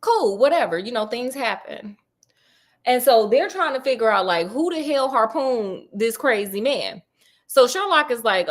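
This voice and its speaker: Woman, storyteller, casual retelling, sassy, slangy, deadpan asides, slightly high pitch. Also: a little slow.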